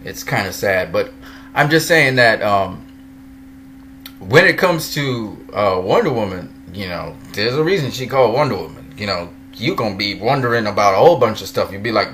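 A man's voice: on the low side, animated, moderate pace, a bit bright, slight background noise. A man casually talking about superhero movies, laughing often and playfully putting on voices for the characters he recalls. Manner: laughs often, breaks into giggles between sentences. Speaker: movie commentator.

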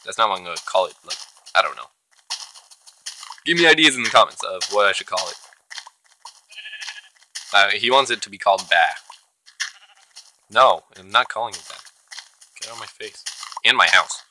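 A man's voice: fairly low pitch, animated, normal speed, long pauses, bright, forceful tone, a little hiss or hum, rough recording. A man hosting his own gaming channel, giving casual, chatty commentary as he plays and talking to the creatures in the game. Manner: chatty, talks to himself and the game mobs.

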